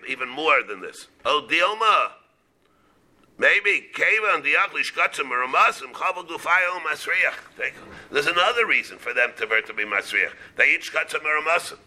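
In a lively, slightly high voice with a sharp edge, a rabbi works through a Talmud class. His explanations stall and repeat, and Hebrew and Aramaic terms keep slipping into his English.

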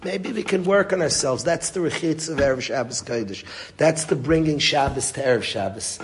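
A man's voice: a little high, moderate pace, slight background noise. Earnest man teaching a Torah class. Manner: earnest, mixes Hebrew and Yiddish words into English. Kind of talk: Torah lecture.

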